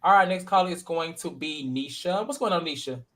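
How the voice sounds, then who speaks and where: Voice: mid-range voice, a little fast, a bit bright. A host of a live call-in panel show, chatting loosely with callers and laughing easily.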